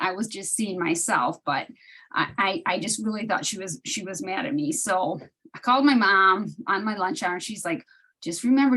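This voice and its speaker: A woman's voice: medium pitch, a bit bright, poor audio. A woman talking casually on an online study group call, sharing a personal story with many restarts and laughs. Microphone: video call.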